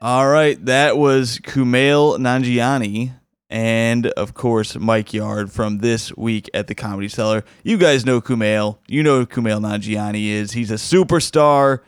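A man's voice: mid-range voice, steady tone, a little slow, clear, resonant tone, dry recording, clean studio sound. A man hosting a comedy podcast, chatting casually and enthusiastically with frequent restarts. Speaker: podcast host. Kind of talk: casual commentary.

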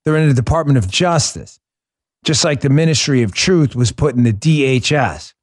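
A man's voice: mid-range voice, lively intonation, normal speed, no echo, clean studio sound. A middle-aged man hosting a podcast, delivering a combative political monologue full of sarcasm and rhetorical questions. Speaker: podcast host.

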